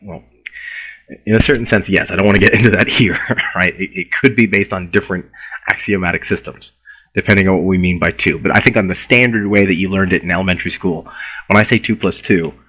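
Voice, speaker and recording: Husky, low-voiced man lecturing. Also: fairly even intonation, quick pace, sharp tone, rough recording. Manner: conversational, repeats himself, restarts words. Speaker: philosophy lecturer. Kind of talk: university lecture.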